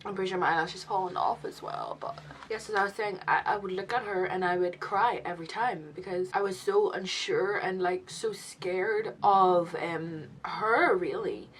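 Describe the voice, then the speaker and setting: A young adult woman vlogging a confessional story as a new mother, emotional and halting, with many restarts. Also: fairly low pitch, slight background noise, rough recording.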